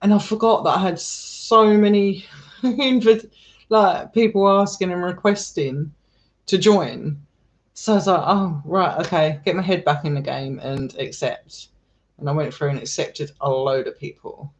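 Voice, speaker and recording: Chatty and warm, a live streamer and paranormal explorer talks casually to his stream audience, addressing them as darling and sweetheart. He has a high voice and speaks a little slowly.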